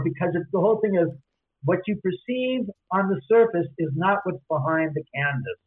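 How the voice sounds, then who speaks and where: A man telling stories as an interview guest, lively, acting out the voices of people he quotes. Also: high voice, measured pace, pauses often. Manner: animated, acts out quoted voices. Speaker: author and guest. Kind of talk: casual storytelling interview. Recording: tinny phone-line audio.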